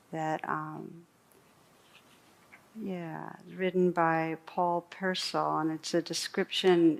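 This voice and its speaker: A woman meditation teacher giving a dharma talk, reading a true story aloud in a slow, gentle storytelling voice with soft pauses. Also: fairly low pitch. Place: meditation hall.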